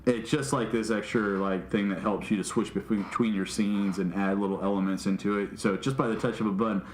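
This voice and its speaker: A man co-hosting a casual podcast, telling animated stories and acting out what people said. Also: on the low side, fairly quick, slight background noise. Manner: animated storytelling, acting out quotes. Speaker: podcast co-host and streamer. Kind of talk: casual chat. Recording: roomy echo.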